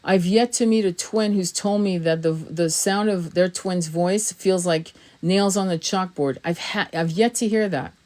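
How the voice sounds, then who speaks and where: A middle-aged woman with a somewhat low voice gives a tarot reading to camera. She talks in a casual, blunt way, swearing freely, leaning hard on her points and laughing now and then. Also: a little slow, hardly any pauses, darkish tone. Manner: blunt and profane, emphatic, laughs often. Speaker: tarot reader.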